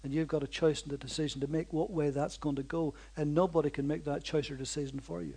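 A preacher with a notably high voice delivers his sermon in bold, dynamic waves. He rises to loud outbursts, then sinks into slow, near-hushed lines. Repeated phrases land with a steady rhythmic insistence. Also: creaky, breathy edge. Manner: repetitive, rhythmic emphasis.

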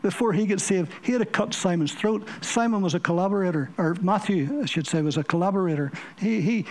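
A man's voice: high-pitched, darkish tone. A man preaching a sermon, telling stories vividly and repeating words for emphasis. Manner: vivid storytelling with emphatic repetition.

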